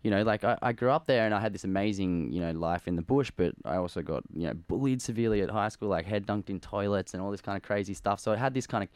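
An Australian man in his thirties tells a story as a radio interview guest. His low voice runs at a fast pace, animated and full of "like" and "um." The sound is dry and close. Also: smooth, dry recording. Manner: animated, tells stories with lots of fillers.

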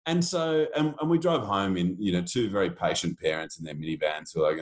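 A man co-hosting a podcast, telling stories in a casual, animated way with frequent laughs and casual swearing. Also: sits low, brisk. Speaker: podcast co-host. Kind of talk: casual chat, storytelling.

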